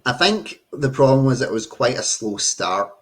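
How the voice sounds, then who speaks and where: A man's voice: medium pitch, animated, moderate pace, breathy edge. A man co-hosting a casual podcast, blunt and swearing casually. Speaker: podcast co-host and content creator. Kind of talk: casual chat.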